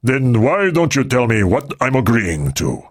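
A man doing a calm, powerful male leader. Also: mid-range voice, measured pace, dry recording, clean studio sound. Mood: measured.

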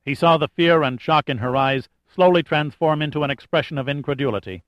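A man giving steady scripted narration of a thriller audiobook. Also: on the high side, fairly quick, few pauses, no echo. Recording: dull lo-fi dry recording.

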